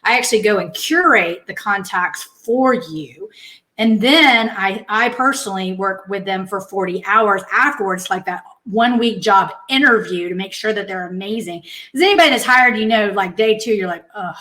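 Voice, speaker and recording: A woman guest on a business podcast, explaining her services with confident, brisk, sales-minded talk. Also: mid-range voice, bright, forceful tone. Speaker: guest, virtual assistant business owner. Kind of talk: casual interview talk.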